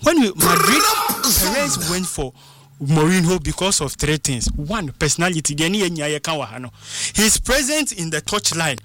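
A man giving animated football punditry, switching into local phrases and acting out what fans and coaches say. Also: on the high side, moderate pace, background noise. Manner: excitable, mixes English with local phrases, acts out quotes. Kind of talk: animated sports talk.

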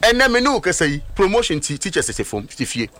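A man's voice: high voice, sing-song, quick pace, pushed and bright. A man with a Ghanaian accent, speaking as a political guest on a talk show with emphatic, scornful commentary and rhetorical questions.

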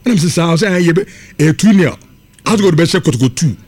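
A man's voice: on the high side, fast talker. A man with a Ghanaian accent hosting a radio sports show, reading listener messages and telling stories in Twi and English. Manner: lively, reads listener messages. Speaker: radio host.

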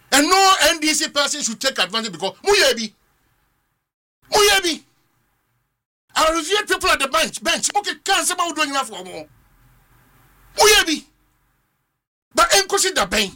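A Ghanaian man delivers fervent talk-show commentary in a strikingly high, very bright voice. His pitch leaps and dips as he argues, and he drives each point home by repeating it. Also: sing-song, moderate pace, long pauses. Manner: fervent, rhetorical, repeats phrases for emphasis. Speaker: political commentator.

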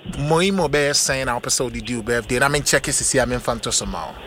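A man's voice: mid-range voice, brisk, a little hiss or hum. A young man hosting a casual, teasing chat in a mix of pidgin and English. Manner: playful, teasing, lively banter.

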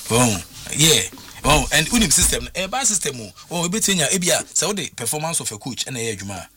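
A man's voice: on the high side, big pitch swings, brisk, bright, forceful tone. A man with a Ghanaian accent talking football on a radio sports show, emphatic and repetitive as he drives his points home. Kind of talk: sports talk radio discussion.

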